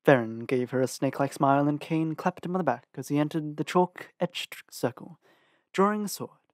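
A man narrating an audiobook with an expressive reading and lively shifts in pitch. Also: moderate pace, dry recording, studio quality. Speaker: audiobook reader.

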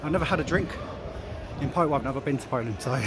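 A travel vlogger races through his words at a medium pitch while walking a busy city street at night for a casual walk-and-talk video. He chats, jokes, laughs often and swears casually, filming on a handheld camera that picks up the crowd and street noise.

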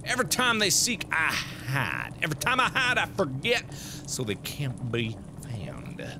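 A man's voice: a little high, wildly swooping pitch, unhurried, vocal fry, noisy background, pitched above the performer's own voice, full character voice. A man voicing a rambling, absent-minded wizard in a game who muses in circles. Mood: musing. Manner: rambling, philosophical musing.

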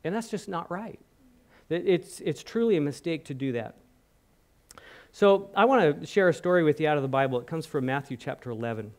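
A man preaching a sermon in church, telling a Bible story with animated acted-out quotes and questions to the congregation. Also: fairly high pitch, brisk. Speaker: guest preacher. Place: church hall.

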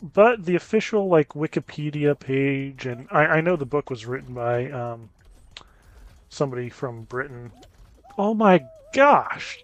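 A man giving casual gameplay commentary as a gaming YouTuber, chatting with viewers and reacting out loud to close calls. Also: a little high, sing-song, a little slow, soft background music. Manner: chatty, reacts loudly to near misses.

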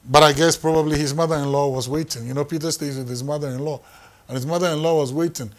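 A man's voice: fairly high pitch, fairly even intonation, fast. A man, preaching a sermon in an emphatic way, repeating phrases for effect. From Ghana. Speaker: pastor.

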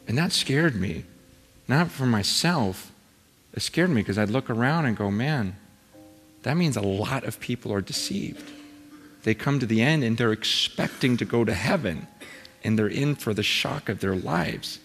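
A man's voice: on the low side, measured pace, big-room sound, soft background music. A male pastor preaching and telling a story, acting out the quotes of the people in it as he goes. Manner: animated storyteller, acts out quotes. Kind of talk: sermon storytelling.

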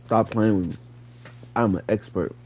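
A man giving live gameplay commentary, playfully trash-talking enemies and repeating excited catchphrases. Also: lowish voice, moderate pace, very noisy. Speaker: gaming streamer.

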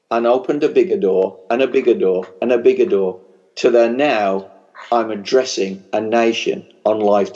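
An English pastor with a strong working-class regional accent delivers a fervent sermon to a crowd in a large church conference hall, moving from storytelling into a rousing blessing. His voice is medium-pitched and darkish, and the audio sounds a little dull and muffled.

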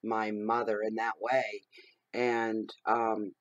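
A middle-aged man giving a general tarot reading, expressive and emphatic, working himself up as he talks. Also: fairly low pitch, takes it slowly, no room sound, muffled recording. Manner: expressive and emphatic, gets riled up. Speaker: tarot reader.

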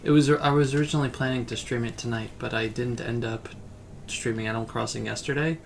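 A man's voice: mid-range voice, steady tone, quick pace, creaky, slight background noise. A man chatting casually on a livestream while playing a game, laid-back and rambling. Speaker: game streamer. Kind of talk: relaxed livestream chat.

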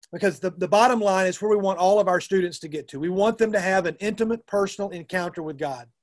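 Earnest high-voiced man giving a talk. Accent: Southern US. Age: middle-aged. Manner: earnest, conversational, frequent restarts and fillers. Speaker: youth minister. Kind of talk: conference talk to youth ministers.

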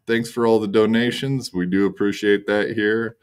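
A man's voice: on the low side, fairly even intonation, normal speed, smooth. A man hosting a livestream, signing off in a laid-back way with crude jokes. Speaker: streamer host. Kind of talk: casual livestream sign-off.

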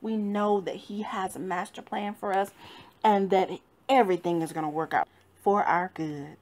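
A woman minister giving a devotional sermon, fervent and rising and falling with emphasis, at times soft and grieving. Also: medium pitch, steady tone, moderate pace.

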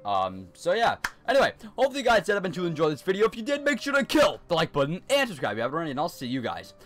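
A jittery young male gamer talks his way through a horror game, repeating himself as nerves build. His pitch leaps and drops a lot, and he often slips into hushed mutters. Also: huge pitch swings, rapid-fire, faint music behind. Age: teens. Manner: nervous, repetitive self-talk. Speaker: gaming YouTuber. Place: hot bedroom.

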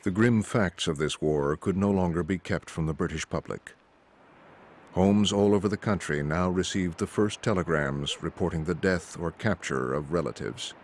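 A man giving grave, measured documentary narration. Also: low voice, slight background noise. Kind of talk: scripted narration. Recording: narration over loud music.

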